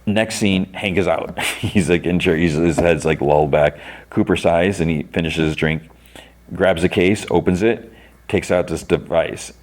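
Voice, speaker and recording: Deep-voiced man rambling through a recap. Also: unhurried. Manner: rambling, with many "like"s and restarts. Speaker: podcast host. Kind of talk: casual plot recap.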